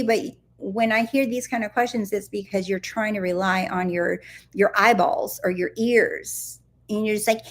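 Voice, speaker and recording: A woman's voice: mid-range voice, a little slow. A woman on a live stream, coaching her viewers in a playful, emphatic way and repeating words for effect. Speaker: manifestation coach.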